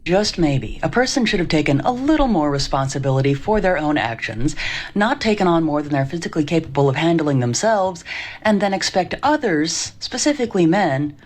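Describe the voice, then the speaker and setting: A woman narrating scripted commentary in a dry, sarcastic, measured way. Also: sits low, big pitch swings, a little mellow.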